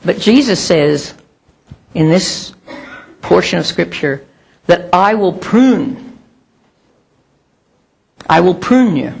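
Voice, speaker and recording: A woman's voice: lowish voice, expressive, slow pace, creaky, long pauses, darkish tone, slightly rough. A middle-aged woman preaching a sermon in a conversational, emphatic way with self-mocking humor.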